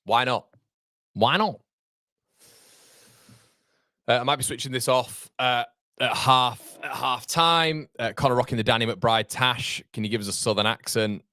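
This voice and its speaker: A man's voice: mid-range voice, steady tone, normal speed, pushed and bright, no echo, clean studio sound. A man, hosting a live football watchalong and chatting bluntly, with the odd swear word. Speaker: fan channel host. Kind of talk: live match watchalong commentary.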